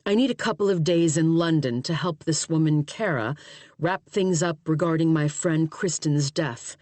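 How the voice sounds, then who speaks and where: A woman's voice: deep voice, moderate pace, darkish tone, no echo, close to an everyday voice. A woman reading a blunt female agent. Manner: blunt, terse. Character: blunt former army sniper, female agent.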